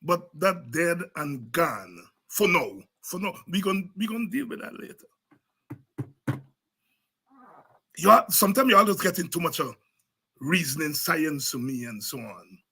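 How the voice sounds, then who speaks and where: A husky-voiced man with a Guyanese Creole accent hosts a political show and preaches his points with fire and repetition. His voice sits high and sounds piercingly bright and tense. He drifts in and out of Creole as he talks. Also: sing-song, a little slow, long pauses. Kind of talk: impassioned political commentary.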